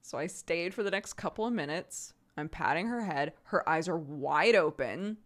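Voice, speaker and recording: A woman's voice: sits low, moderate pace. Chatty woman streamer telling stories. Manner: animated storytelling, frequent laughter; acts out quoted voices while retelling. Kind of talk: casual chat with stream viewers.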